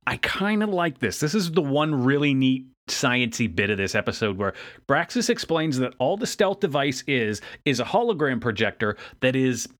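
A man's voice: medium pitch, very animated, moderate pace, a bit bright. A man co-hosting a podcast, casually recapping a cartoon episode with frequent laughs and fillers. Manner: chatty, laughs often, many fillers. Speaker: podcast co-host.

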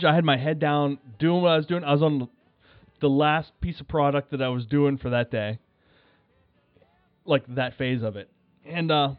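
Guy on a phone call rambling thru a story, kinda high voice, tinny and dry. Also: no room sound. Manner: rambling, animated, acts out his own shouts while telling a story. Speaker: podcast guest. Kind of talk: casual storytelling chat.

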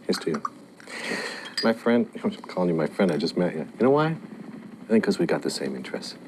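An actor playing a gruff, brash, profane movie producer in a film clip. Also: male voice, low voice, very animated, a little fast, noisy background. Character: gruff big-shot movie producer man.

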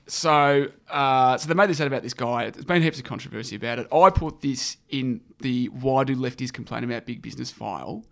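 A young man, hosting a podcast and briskly leading a casual, opinionated political chat. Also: mid-range voice, vocal fry. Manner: brisk, opinionated, drives the topics. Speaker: podcast host.

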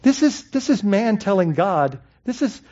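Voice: mid-range voice, sing-song, unhurried, dark tone, muffled recording. A pastor preaching a sermon in a conversational way, asking the congregation rhetorical questions and often adding "I mean" and "right?".

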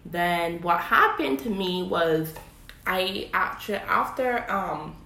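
A woman's voice: fairly low pitch, animated, slow, sharp tone. A young Caymanian woman chatting casually as a podcast co-host, with lots of fillers and likes. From Cayman Islands. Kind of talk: casual chat. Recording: echoey room.

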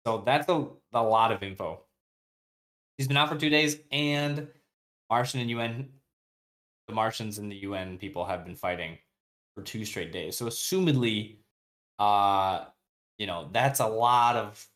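A man's voice: lowish voice, unhurried, pauses often, a bit bright. A man chatting casually on a podcast, retelling book scenes in a loose, slangy way and briefly voicing the characters' lines. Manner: loose, slangy, with many fillers and restarts. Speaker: podcast co-host. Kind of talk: casual book recap chat.

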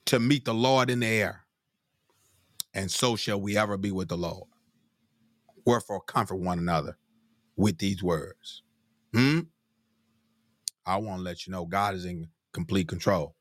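A man's voice: measured pace, pauses often, no echo, clean studio sound. A man preaching a sermon with fervor, calling out "glory" and asking "hmm?" between scripture readings. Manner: fervent, repeats "glory be to God" and "hmm?", pitch climbs when stirred.

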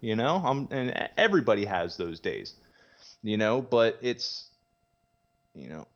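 In a lowish, sing-song voice and an unhurried pace, a young guest in recovery rambles candidly through his story, peppering it with "you know" and offhand cursing. The audio is muffled and lo-fi.

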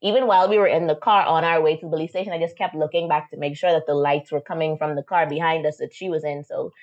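A young woman from the Bahamas telling a personal story as an interview guest, animated and acting out quotes. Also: low voice, quick pace, muffled recording. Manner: animated, acts out quotes, frequent "like".

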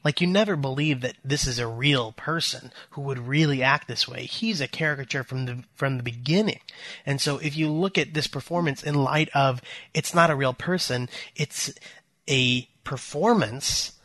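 A man in a casual film discussion who explains his views earnestly and with energy. His voice sits at a middle pitch. The recording is dry and close, with no room sound. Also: moderate pace, dry recording. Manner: earnest, animated. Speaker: podcast co-host.

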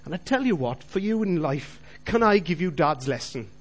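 A man's voice: fairly high pitch, animated, moderate pace. A middle-aged man giving a personal faith testimony, telling his story earnestly and appealing directly to his listeners. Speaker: Christian businessman giving testimony.

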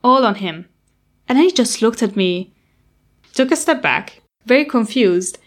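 A woman's voice: fairly high pitch, lively intonation, a little slow. A young woman telling a candid personal story about a hard time, in an anxious, open and honest tone. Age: young adult. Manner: candid, anxious retelling of past worries.

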